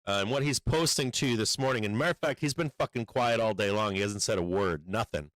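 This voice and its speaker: On a rough recording with no room sound, a man streams casual stock market commentary that's blunt, profane, and rambling, full of fillers and urgent warnings. He talks fast in a fairly low, slightly bright voice.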